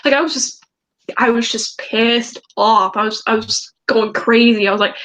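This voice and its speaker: A woman's voice: a little high, fairly even intonation, moderate pace, a bit bright, lo-fi sound. A teenage girl vlogger telling a story in a rambling, agitated way, with many restarts. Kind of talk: storytime vlog.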